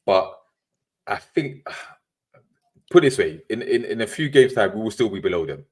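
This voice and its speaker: A man's voice: fairly low pitch, lively intonation, normal speed, noisy background. A man co-hosting a podcast, laid-back and trailing off as he talks football. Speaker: podcast co-host. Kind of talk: casual football chat.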